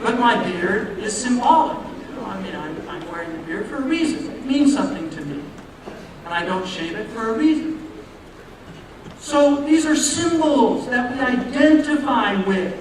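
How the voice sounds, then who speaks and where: A man's voice: very high voice, lively intonation, moderate pace. An American man giving a humorous, anecdote-filled public lecture on religion, asking his audience rhetorical questions. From United States. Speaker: Islamic lecturer. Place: large lecture hall. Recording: echoey hall, distant mic, audience noise. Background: audience sounds.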